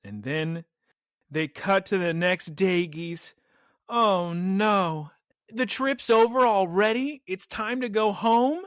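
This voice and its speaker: A man with a high, bright voice recaps a cartoon episode for his co-hosts, building it up with animated storytelling. The sound is close and dry, with no room around it. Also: slow, no room sound. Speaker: podcast host recapping an episode. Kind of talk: casual chat.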